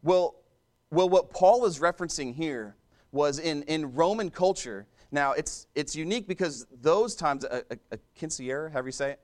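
A man delivering a church sermon in a relaxed, conversational manner. His voice sits slightly higher than most men's, and he often restarts phrases and breaks off to talk to the listeners. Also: normal speed. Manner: conversational preaching with frequent restarts and asides to the congregation. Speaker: preacher.

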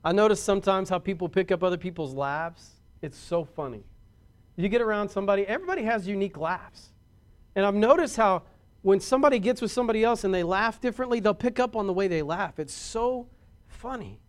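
A man preaching a sermon as a pastor, folksy and rising louder on key points. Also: sits high, animated, fast.

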